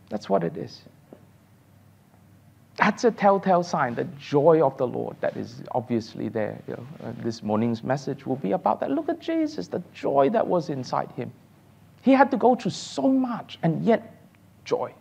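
A man teaching a church Sunday school class, animated and laughing often as he takes questions. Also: a little high, measured pace, vocal fry, pauses often, breathy edge, highs cut off.

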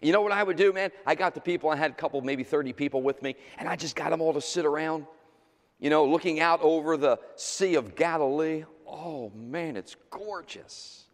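A man preaching a sermon as the pastor, talking in a loose, conversational way and jumping from loud exclamations to quiet asides. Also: on the high side, fast. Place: church sanctuary. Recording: reverberant church hall.

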